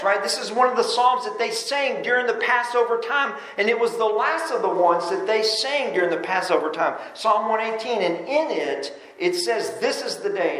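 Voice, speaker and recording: A man with a high voice preaches in a church, the sound ringing around a roomy space. He talks animatedly, leaping from loud bursts to low asides and often doubling words as he restarts. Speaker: pastor. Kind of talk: sermon. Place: church sanctuary. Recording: roomy echo.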